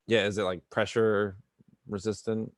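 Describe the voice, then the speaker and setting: Slow-talking man playing a tabletop game. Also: lowish voice, little pitch movement, dry recording, clean studio sound. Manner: thinking aloud, questioning. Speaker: player. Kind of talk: tabletop role-play.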